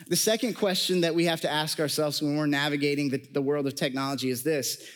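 Man, somewhat high-pitched, casual sermon, chatty, joking, filler words. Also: steady tone, fast talker, in a large hall. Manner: conversational, joking asides, frequent fillers. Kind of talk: sermon to a live congregation.

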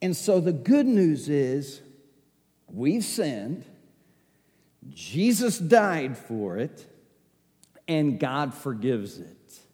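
High-voiced preacher in an echoey hall. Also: male voice, big pitch swings, drawn-out words, pauses often, a little mellow. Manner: emphatic, repetitive, conversational asides to the audience. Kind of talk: sermon.

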